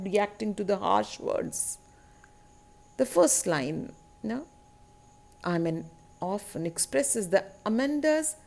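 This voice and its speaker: A woman teacher leads a literature lesson on a poem, explaining slowly and deliberately. She repeats key words and asks rhetorical tag questions in a mid-range voice with a darkish tone.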